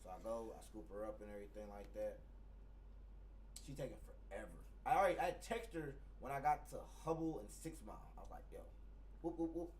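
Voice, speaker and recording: A man's voice: medium pitch, brisk. A man in casual chat, telling a profane story and acting out heated exchanges. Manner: profane, animated storytelling, acts out heated quotes. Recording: distant mic, faint background noise.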